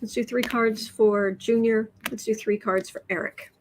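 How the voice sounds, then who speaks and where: Woman, tarot livestream host, slightly high voice, rambling chatty delivery, faint background noise. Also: fairly even intonation, normal speed, low-quality recording. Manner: chatty, frequent restarts and repeated words. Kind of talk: casual livestream chat, reading out viewer comments.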